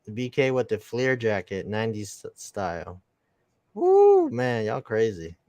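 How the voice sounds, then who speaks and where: A man from Brooklyn co-hosting a casual live-stream chat, laughing often and talking in excitable slang. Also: on the low side, normal speed, no room sound. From New York. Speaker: co-host.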